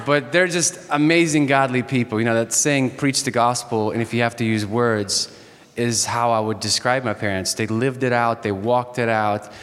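A man's voice: medium pitch, fairly even intonation, normal speed, fairly bright tone. A man in his thirties from Ukraine with a Southern US accent, giving a chapel sermon in a joking, storytelling way. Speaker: chapel speaker. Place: university chapel. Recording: echoey hall.

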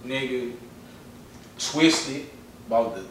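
A man telling a personal story in casual chat, animated and full of slang and repetition. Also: medium pitch, slow, a little hiss or hum. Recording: echoey room, far from mic.

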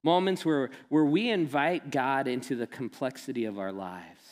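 A man's voice: mid-range voice, normal speed. Man preaching in a reverberant hall. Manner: storytelling, animated and laughing when quoting friend. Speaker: pastor. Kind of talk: sermon.

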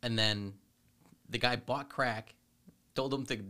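A young man co-hosting a podcast in a studio, telling stories in a relaxed, halting way. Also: medium pitch. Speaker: podcast co-host. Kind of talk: casual chat.

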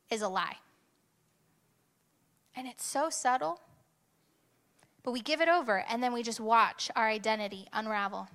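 Bright-voiced woman preaching a story. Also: fairly high pitch. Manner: animated storytelling, rising to bursts of intensity. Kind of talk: sermon with personal story.

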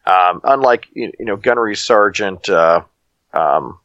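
Man hosting a movie review panel, lowish voice, reflective and halting, on a dull lo-fi line. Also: lively intonation, fairly bright tone, no room sound. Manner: reflective, halting, searches for words. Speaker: podcast host leading the panel. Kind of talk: casual movie review chat.

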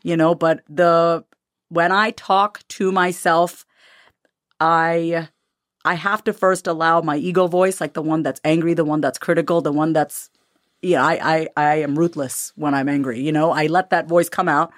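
A woman's voice: sits low, normal speed, dry recording, studio quality. A woman in an interview, speaking candidly and animatedly about her own life and her upcoming book. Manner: animated, candid, acts out voices. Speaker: guest author. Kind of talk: conversational interview.

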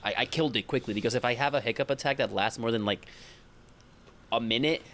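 A man's voice: medium pitch, quick pace, a bit bright, a little hiss or hum. A young man in casual chat who rambles and restarts his sentences often. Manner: rambling, hesitant, many restarts. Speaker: podcast co-host.

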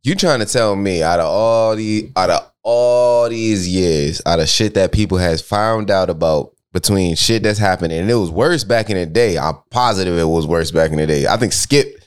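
A young man co-hosting a podcast in casual chat, rambling and animated, jumping up high when he reacts. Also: normal speed, few pauses, clean tone. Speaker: podcast co-host.

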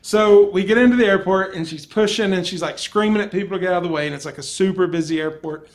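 A man in casual chat, telling an animated story and laughing as he goes. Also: sits high, quick pace.

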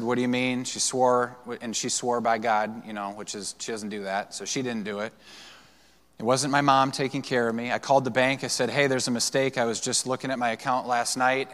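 A man's voice: medium pitch, steady tone, fairly quick, fairly bright tone. A male pastor preaching a sermon, telling personal stories in a loose, conversational way with fillers and restarts. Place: church sanctuary. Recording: long church hall reverb.

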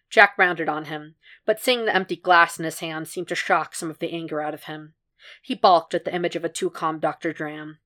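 A woman reading a fan fiction story aloud as a podfic narrator, in a measured, even storytelling manner. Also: deep voice. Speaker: podfic reader.

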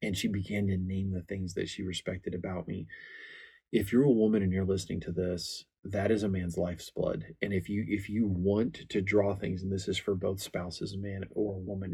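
Deep gravelly man, earnest. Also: dark tone. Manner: earnest, candid storytelling with many restarts. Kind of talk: faith-based marriage talk.

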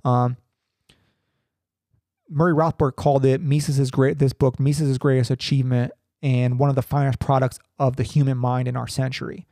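A young man reading a text aloud in a halting way, full of ums and restarts, with casual asides. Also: mid-range voice, little pitch movement, warm tone, no echo, clean studio sound. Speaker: podcaster reading and commenting.

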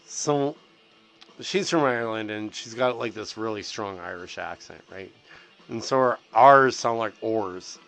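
A man's voice: on the low side, a little slow, gravelly, a bit bright, faint music behind. A middle-aged man telling stories in a rambling, casual way, swearing constantly and filling gaps with "like" and "you know.". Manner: profane, heavy on fillers and restarts.

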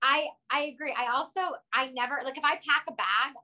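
A woman's voice: high voice, brisk, pushed and bright, slight background noise. A woman co-hosting a casual TV recap chat, blunt and opinionated, stressing her points with emphasis. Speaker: podcast co-host.

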